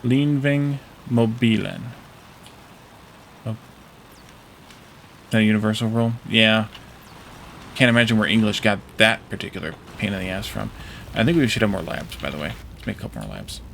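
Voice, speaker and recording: A man's voice: lowish voice, a little fast, creaky, pauses often, a bit bright, slight background noise. A man streaming a factory-building game, chatting casually with viewers, joking and fumbling over how to say foreign words. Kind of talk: casual gameplay commentary with chat.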